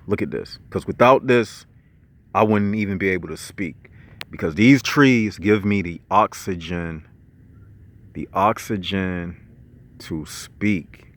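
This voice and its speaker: A man's voice: deep voice, a little slow, fairly bright tone. A man vlogging outdoors on a nature trail, giving a casual street-slang spiritual lecture in a preachy way, repeating his points and explaining his own metaphors.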